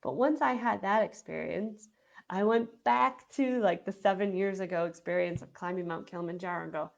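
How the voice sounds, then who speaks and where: A woman's voice: mid-range voice, moderate pace, vocal fry, highs cut off. A woman hosting a show, telling a personal story in a chatty way with lots of "like" fillers. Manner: chatty, heavy use of "like" fillers. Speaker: podcast host.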